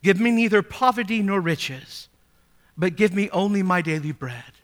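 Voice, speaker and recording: A man's voice: sits high, expressive, normal speed. A male pastor preaching a sermon, reading scripture aloud and asking the congregation rhetorical questions, rising to emphatic peaks.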